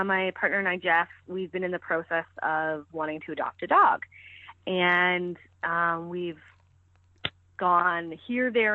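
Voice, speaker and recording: A woman's voice: lowish voice, no room sound. A woman chatting as a podcast guest, talking freely with lots of fillers and restarts. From Canada. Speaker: podcast guest, ski coach. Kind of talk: casual interview chat. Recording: tinny phone-like line, dry.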